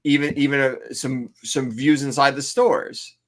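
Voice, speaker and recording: A man's voice: medium pitch, fairly even intonation, measured pace. A man co-hosting a casual podcast chat, an enthusiastic interviewer who gives promotional plugs. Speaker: co-host.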